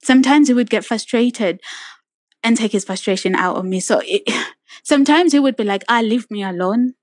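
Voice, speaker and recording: A woman's voice: a little high, moderate pace, darkish tone, no room sound. A woman on a podcast telling a personal story in casual conversation, earnest and reflective, acting out what others said. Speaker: podcast co-host sharing her story.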